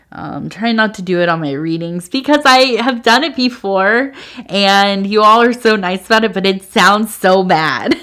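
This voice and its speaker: With a mid-range, slightly bright voice, a woman closes out a tea leaf reading with a casual spoken farewell to viewers. She's emotional and almost tearful, rambling hesitantly with lots of fillers in an earnest, affectionate way.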